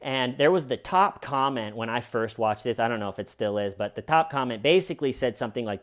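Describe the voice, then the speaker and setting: A man of middling pitch giving comic true crime commentary. His delivery is sarcastic and animated, and he tells the story with dry asides. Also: fairly quick, hardly any pauses.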